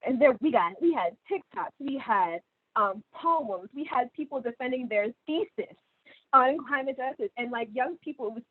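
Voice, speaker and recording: A woman's voice: sits high, normal speed, husky, no room sound. A young woman, a youth climate organizer, speaking casually and animatedly on a video call from her phone. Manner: animated, informal, lots of fillers. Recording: tinny phone line.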